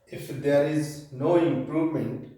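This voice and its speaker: Slow-talking Indian English teacher, echoey. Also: male voice, a little high, fairly even intonation, dark tone. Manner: slow, reads aloud from a textbook with pauses and fillers. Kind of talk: classroom lecture. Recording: echoey room from far off.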